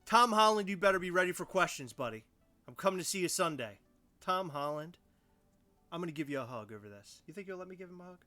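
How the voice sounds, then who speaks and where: A man's voice: high-pitched, expressive, quick pace, bright, forceful tone, faint music behind. A young man co-hosting a casual podcast chat, ranting with mock outrage. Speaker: podcast co-host.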